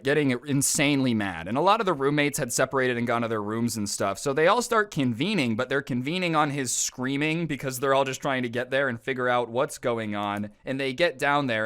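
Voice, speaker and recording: Sarcastic storytelling man, smooth voice. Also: mid-range voice, a little fast, few pauses. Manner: sarcastic, incredulous, animated retelling. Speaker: storytime YouTuber. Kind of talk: storytime commentary.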